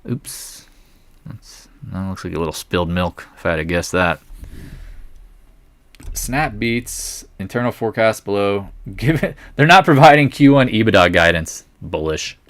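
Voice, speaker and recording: A man's voice: lowish voice, expressive, measured pace, pauses often, fairly bright tone, dry recording. A man hosting a live market stream, thinking aloud in a wry, blunt way as he reads through earnings.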